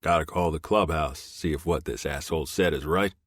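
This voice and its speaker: A man voicing a calm, commanding older biker leader in an audiobook, curt and authoritative. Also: very deep voice, brisk, no echo, studio quality.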